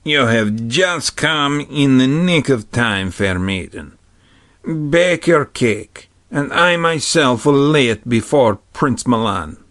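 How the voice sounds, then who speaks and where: A man voicing a polite palace head cook in a storybook reading, speaking slowly and courteously. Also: medium pitch, animated, fairly bright tone, no echo, studio quality, pitched above the performer's own voice.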